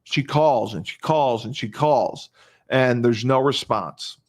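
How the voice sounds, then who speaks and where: A man's voice: medium pitch, slow pace, darkish tone. A male podcast host retelling a crime case in casual talk, emphatic, repeating phrases and restarting often.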